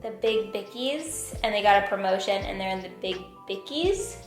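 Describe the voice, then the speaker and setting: This American co-host has an animated, medium-pitched voice and talks at normal speed. She giggles and jokes her way through a casual vlog chat, with the room echoing and faint music in the background.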